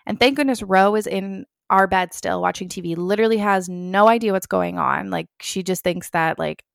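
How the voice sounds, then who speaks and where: A young woman tells a story straight to the camera in an easy, rambling way, leaning on filler words and replaying her own past thoughts aloud. Her voice carries a gravelly fry at the ends of phrases. The sound is close and dry, with no room around it. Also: medium pitch, normal speed, no room sound. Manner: chatty, full of "like" fillers, acts out her own past lines. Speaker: vlogger. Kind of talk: casual storytelling.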